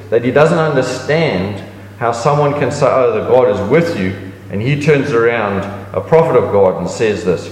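A man giving a sermon in a conversational preaching style, leaping up in pitch to stress a point and often restarting his sentences. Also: unhurried, darkish tone. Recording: echoey hall with long reverb.

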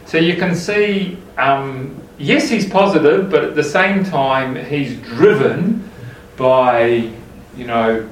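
A man's voice: medium pitch, takes it slowly, few pauses. A man leading a group Bible study, talking casually and asking the group questions. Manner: conversational, asks the group questions. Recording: roomy, mic at a distance.

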